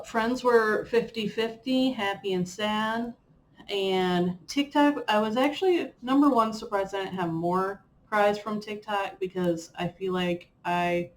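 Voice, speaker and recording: A young woman chats casually in a vlog, rambling with fillers and poking fun at herself. Her voice sits at an ordinary middle pitch. A faint hiss runs underneath the recording. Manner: chatty, rambling with fillers and playful self-mockery. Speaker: vlogger. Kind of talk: casual chat reviewing a personal year.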